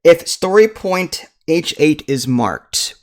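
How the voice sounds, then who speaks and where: A man reading a storybook board game aloud in a relaxed way, with dry self-mocking asides. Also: a little high, slow pace. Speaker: game host reading to a partner.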